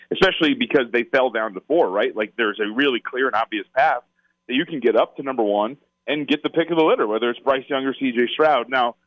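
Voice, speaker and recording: A man's voice: mid-range voice, no room sound. Opinionated man on a muffled line. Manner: opinionated, emphatic. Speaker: radio guest. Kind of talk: sports talk radio interview.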